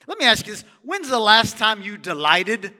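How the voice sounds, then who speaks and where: A middle-aged male pastor preaching a sermon in a church, animated and asking the congregation questions. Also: high-pitched, moderate pace, in a large hall.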